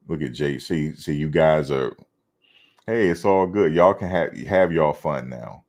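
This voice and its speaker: Male stream host, very low voice, laid-back teasing banter. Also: moderate pace, a little mellow. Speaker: host of a fan livestream. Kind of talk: casual chat reading live comments.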